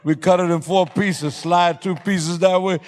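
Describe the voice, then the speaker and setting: A man preaching a sermon as pastor, telling lively stories, laughing and suddenly yelling for emphasis. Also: high-pitched, unhurried. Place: church sanctuary. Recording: long hall reverb.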